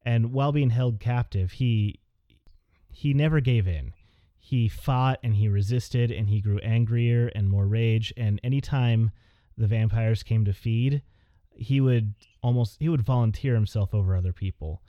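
A man's voice: medium pitch, measured pace, no echo, dull audio. A man running a tabletop game as game master, narrating in a meandering way with many fillers.

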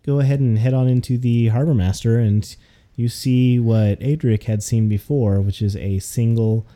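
A man narrating a tabletop game as its game master, easygoing and full of casual fillers. His voice is very dark and mellow, and he paces the scene descriptions at a relaxed clip. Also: mid-range voice, normal speed.

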